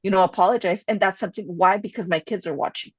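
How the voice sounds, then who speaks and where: A woman's voice: mid-range voice, fairly even intonation, fast talker, husky, no room sound. A woman co-hosting a podcast, telling stories candidly and slipping in Spanish phrases. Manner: chatty, with many "you know" fillers. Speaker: podcast co-host. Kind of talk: casual podcast chat.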